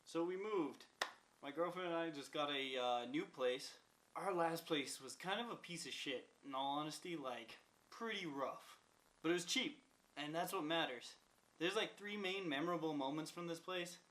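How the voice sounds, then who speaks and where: A man's voice: a little high, moderate pace, a bit bright, poor audio. A young adult man telling a rambling, profane story in a casual vlog, full of "like" fillers. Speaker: vlogger.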